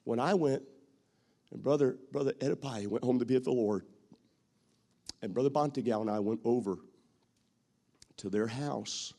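Gravelly, emotive male pastor preaching. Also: medium pitch, moderate pace, pauses often. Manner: emotive preaching with acted-out quotes, swings from loud to soft. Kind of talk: sermon.

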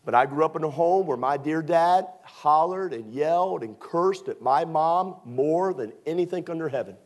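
A man's voice: fairly high pitch, expressive, moderate pace. A man from Maryland preaching a sermon as pastor. His delivery is conversational and joking, with emphatic swells.

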